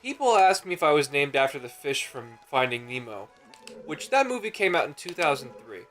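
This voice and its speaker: A man's voice: a little high, very animated, fairly quick, fairly bright tone, faint music behind. A man in his twenties chatting casually over a game, sarcastic and teasing his co-host. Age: 20s. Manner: sarcastic, teasing, jumpy intonation. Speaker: let's play co-host. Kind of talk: casual gaming chat.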